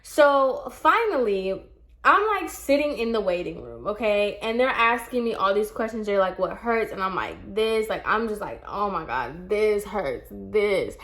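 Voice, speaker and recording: Young woman, storytime vlog, animated, exasperated, acts out the dialogue. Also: mid-range voice, normal speed. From Puerto Rican heritage. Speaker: vlogger.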